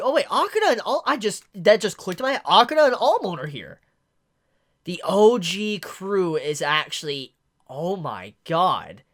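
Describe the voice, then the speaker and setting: In a high voice, a man reviews a manga chapter, casual and excitable. He gushes over it as he reacts, throwing in plenty of "yo" and "like."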